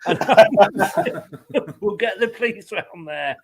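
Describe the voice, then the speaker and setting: A man's voice: high voice, animated, normal speed. A man co-hosting a casual football watchalong, joking, laughing between lines and restarting his sentences. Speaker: co-host.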